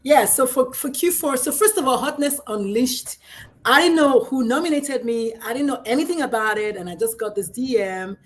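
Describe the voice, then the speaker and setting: A middle-aged woman, a pediatrician and life coach, talking in a brash, outspoken way in a casual livestream chat, swinging between loud and soft. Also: high voice, normal speed.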